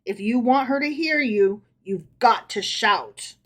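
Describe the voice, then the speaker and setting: A woman's voice: on the high side, lively intonation, unhurried, a bit bright. Woman reading as a sly male jester, wry, mischievous, teasing.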